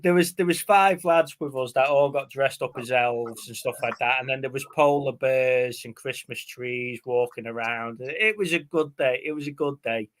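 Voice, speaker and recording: A man with a mid-range voice speaks at a moderate pace with hardly any pauses. As co-host of a movie live stream, he chats loosely and rambles through anecdotes packed with fillers.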